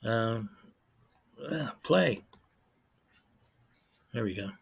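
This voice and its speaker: A man's voice: medium pitch, lively intonation, drawn-out words, creaky, breathy edge. Rambling man hosting a channel livestream. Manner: rambling, many fillers and restarts. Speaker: YouTube channel host. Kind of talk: casual livestream chat.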